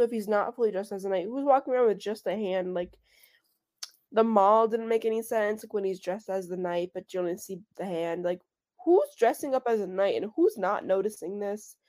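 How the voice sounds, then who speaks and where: A woman guest on a podcast talks casually about a movie, picking out plot holes as she goes. Her voice is mellow and warm, sitting at a middling pitch. She speaks in a chatty way and uses "like" often. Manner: chatty, quick to point out plot holes, frequent "like".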